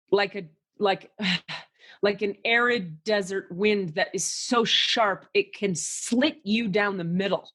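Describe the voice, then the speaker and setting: A woman hosting a casual spiritual podcast who channels and describes energies, animated and quick to swear. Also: mid-range voice. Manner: animated, swears freely, acts out voices and sounds. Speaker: psychic channeler and podcast host.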